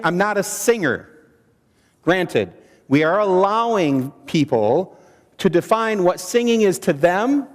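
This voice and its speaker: A man presenting a training seminar, quizzing the audience and using dramatic pauses. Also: high-pitched. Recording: long hall reverb.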